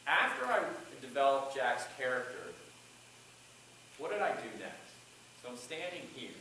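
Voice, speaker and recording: A man's voice: mid-range voice, very animated, unhurried, background noise. A man giving a college class on public speaking, who acts out lines from his own speech as he breaks it down. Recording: echoey classroom from far off.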